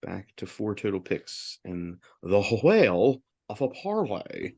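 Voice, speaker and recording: Lower-pitched man recapping bets. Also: very animated, darkish tone. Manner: upbeat, lists picks in quick bursts. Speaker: podcast co-host reading betting results. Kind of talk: casual sports betting chat.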